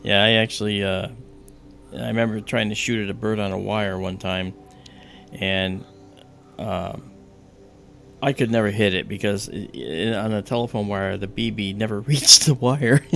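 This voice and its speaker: A man's voice: lowish voice, fairly even intonation, normal speed, creaky, a bit bright. A man hosting a livestream, telling a childhood story in casual chat and acting out the other people's voices as he goes. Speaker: livestream host.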